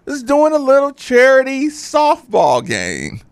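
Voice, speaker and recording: A man's voice: very high-pitched, unhurried, clean tone, dry recording. A man co-hosting a sports radio show, telling stories and ranting in casual banter. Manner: animated, ranting storyteller.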